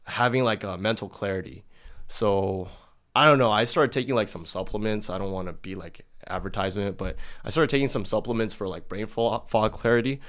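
A man co-hosting a casual talk video, chatty and loose, with lots of "like" and a flat delivery. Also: fairly low pitch, brisk. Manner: loose and chatty, heavy use of "like"; calls his own delivery monotone. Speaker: video co-host. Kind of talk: casual chat.

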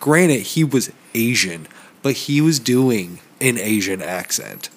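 Swearing, excitable young man chatting. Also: mid-range voice, slow pace. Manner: excitable, swears a lot, laughing. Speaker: podcast co-host. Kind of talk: casual chat.

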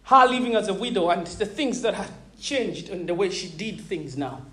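A woman in her thirties preaching a sermon, animated and laughing often, checking in with her listeners and repeating words as she thinks. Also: mid-range voice, moderate pace. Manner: repeats words when searching for them.

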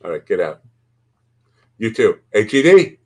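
A man's voice: fairly low pitch, big pitch swings, unhurried. A man hosting a podcast, chatting casually in a rambling, crude, joking way. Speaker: podcast host. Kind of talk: casual chat.

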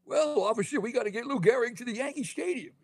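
A man doing a high-pitched impression of a folksy, twangy old-time cowboy sidekick from an old film. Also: expressive, fast talker, slightly rough, dry recording, full character voice.

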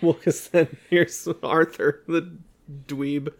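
Brief: woman with a very deep voice, laid-back, rambling film podcast co-host. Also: slow pace. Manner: relaxed, rambling with many "like" fillers. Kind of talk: casual movie discussion.

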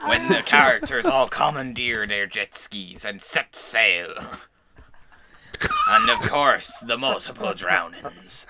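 A man voicing a hammy pirate sailor in a podcast chat, growling "yar" until his throat goes hoarse. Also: medium pitch, wildly swooping pitch, takes it slowly, very noisy, full character voice.

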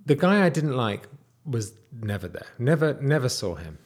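A man in his thirties casually telling a personal story, animated, sometimes dropping to a whisper. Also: normal speed. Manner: animated, wide swings in pitch and loudness, drops to whispers.

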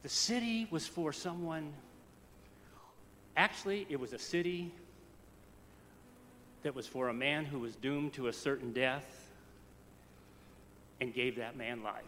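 A man from the United States preaching a storytelling sermon, swinging from soft to loud. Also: mid-range voice, a little slow, long pauses, big-room sound, slight background noise. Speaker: pastor.

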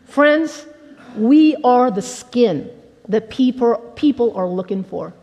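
A woman pastor with a fairly high voice gives a chatty, lively sermon, slipping into little acted-out voices as she tells her stories. Her words ring through a large hall with a long reverb trailing behind them. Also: slow. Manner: conversational, animated, acts out quotes.

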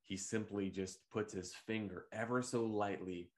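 A man hosting a devotional podcast, speaking in a gentle, unhurried, reflective way with occasional fillers and restarts. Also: on the low side, steady tone. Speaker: podcast host leading devotional meditation.

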